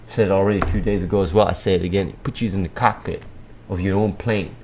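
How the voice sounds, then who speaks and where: Rambling, blunt man with a low voice. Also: steady tone, fast talker, darkish tone, a little hiss or hum. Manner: rambling, repetitive, lots of filler and restarts; blunt, swears casually. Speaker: livestream host. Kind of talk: casual livestream monologue.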